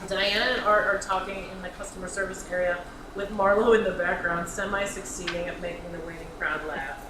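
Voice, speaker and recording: A woman's voice: mid-range voice, fairly even intonation, a little fast. A woman reading stage directions aloud at a staged comedy reading, in a matter-of-fact way. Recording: roomy hall, audience noise, far mic.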